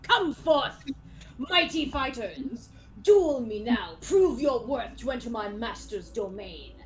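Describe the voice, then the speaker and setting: A woman voicing a boastful skeleton knight who demands honorable combat, speaking in booming archaic challenges. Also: expressive, slow pace, rough recording. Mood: commanding.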